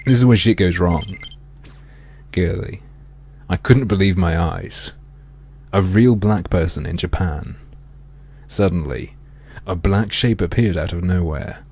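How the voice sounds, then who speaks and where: This gaming streamer speaks low and slowly, pausing often, in a slightly mellow voice. He narrates the video game's text with mock drama and sardonic, cursing asides, his throat strained and regularly cleared.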